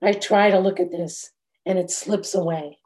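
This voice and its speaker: A woman meditation teacher giving a dharma talk in a measured, reflective way, with long pauses. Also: fairly low pitch, fairly even intonation, a little mellow.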